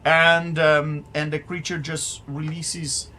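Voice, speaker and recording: Slightly high-voiced game master with faint hiss. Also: male voice, little pitch movement, bright, forceful tone. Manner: measured, repeats "very well" as a cue. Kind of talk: running a live tabletop game.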